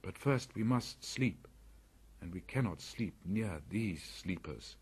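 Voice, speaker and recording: A man voicing Mowgli, a proud, fierce boy raised in the jungle, speaking in a lively, commanding way. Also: low-pitched, takes it slowly, husky, full character voice. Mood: earnest.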